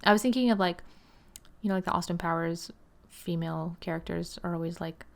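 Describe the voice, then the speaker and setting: Young woman, gravelly fry, lowish voice, rambling gameplay chat, slips into whispers. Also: fairly quick. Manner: chatty and rambling, with frequent "like" and "um" and some laughter. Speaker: gaming channel host. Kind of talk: casual gameplay commentary.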